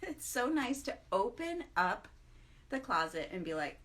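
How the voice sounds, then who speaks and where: A tired middle-aged woman talks straight to camera in a casual morning vlog. Her voice sits a little high, and she stays chatty and self-mocking, breaking into laughs often. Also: sing-song, measured pace, a bit bright. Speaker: vlog host.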